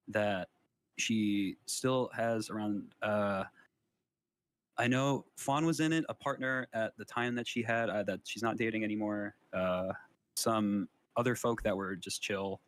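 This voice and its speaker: A low-voiced man answers interview questions from memory. He hesitates often and fills his answers with ums and restarts. He keeps correcting himself as he goes. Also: fairly bright tone. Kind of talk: recalled account in an interview.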